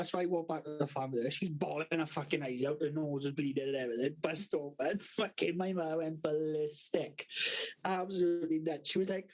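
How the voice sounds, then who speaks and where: A young man with a South Wales accent telling rough stories to friends, swearing constantly and laughing as he talks. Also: fairly high pitch, a little fast, a little mellow. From South Wales valleys. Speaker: podcast co-host. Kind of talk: casual storytelling among friends.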